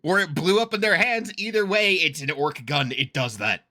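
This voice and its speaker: A man giving casual reaction commentary, excitable, laughing often and swearing freely. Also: on the high side, moderate pace. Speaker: reaction streamer.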